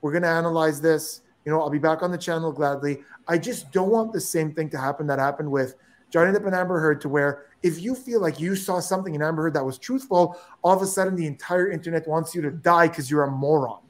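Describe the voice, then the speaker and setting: A man's voice: a little high, quick pace. A man guest on a casual livestream, speaking earnestly and emphatically, repeating words as he pushes a point.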